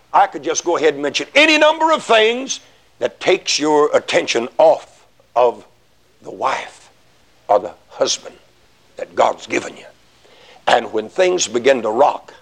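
A man preaching a sermon in a folksy way, swinging from low, quiet asides to loud shouted emphasis. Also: vocal fry. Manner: folksy, rises to shouting emphasis, acts out little dialogues.

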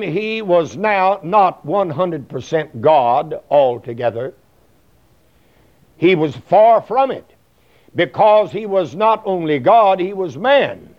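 A man preaching a sermon in a folksy, rambling way, full of fillers and plain talk. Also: sits high. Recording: dull lo-fi recording.

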